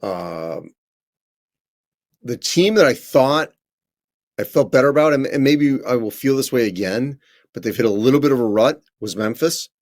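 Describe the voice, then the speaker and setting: A man at a middle pitch talks through viewer questions on a live stream. His delivery is loose and conversational, with frequent ums and quick corrections of himself as he goes. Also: expressive. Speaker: college basketball correspondent.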